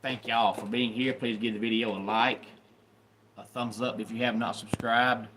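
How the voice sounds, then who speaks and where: Bright-voiced Southern livestream host. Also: male voice, mid-range voice, level tone, normal speed, a little hiss or hum. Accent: Southern American. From Deep South, USA. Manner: chatty, greets viewers by name. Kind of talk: casual live-stream sports talk.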